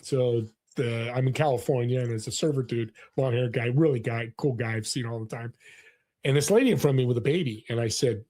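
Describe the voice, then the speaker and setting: A man's voice: medium pitch, a little fast. A man in his sixties, a guest in a casual interview, telling personal stories earnestly with lots of restarts. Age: 60s. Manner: earnest, animated storyteller with frequent restarts. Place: California.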